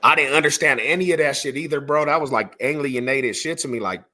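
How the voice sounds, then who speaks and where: A man's voice: mid-range voice, brisk, sharp tone. A man from Denver telling street stories in a casual podcast chat, slangy and rambling, full of "bro" and "homie". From Denver, Colorado.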